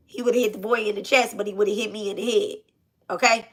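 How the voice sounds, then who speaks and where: Animated Black woman telling a story. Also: mid-range voice, quick pace. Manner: animated, repeats phrases, swears freely. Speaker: channel host. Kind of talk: casual storytime.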